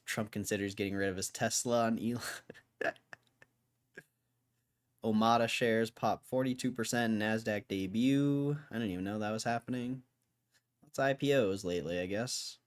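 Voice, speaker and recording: Young male stream host, low-ish voice, relaxed and wry, reading news in casual chat. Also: normal speed, long pauses. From Connecticut, USA. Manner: laid-back, wry, offhand remarks. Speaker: livestream host.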